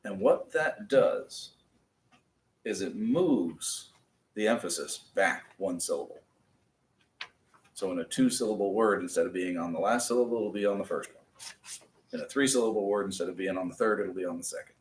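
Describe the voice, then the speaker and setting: A man with a low voice leads a classroom lesson. He spells words letter by letter and laughs at his own slips. The room is echoey, with a faint hiss. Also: normal speed, pauses often, distant mic. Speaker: Hebrew teacher. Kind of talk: patient classroom instruction.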